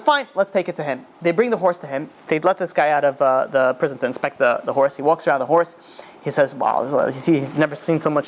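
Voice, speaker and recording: Fast-talking rabbi telling a story. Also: male voice, fairly high pitch, a little hiss or hum. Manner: acts out characters' dialogue in a lively way. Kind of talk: storytelling lecture.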